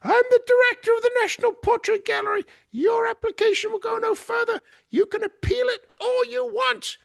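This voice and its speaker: A man's voice: extremely high pitch, steady tone, normal speed, gravelly, voice pushed up, exaggerated voice. A man putting on the voice of a snooty, imperious woman museum director who shrills with a raised voice. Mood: imperious, shouting.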